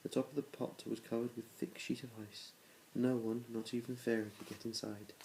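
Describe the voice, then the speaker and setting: Dad reading a kids story aloud, flat low voice, bit of fry, faint hiss behind. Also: male voice, fairly quick, poor audio. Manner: plain reading with small restarts, little change between characters. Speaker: parent reading aloud to his children.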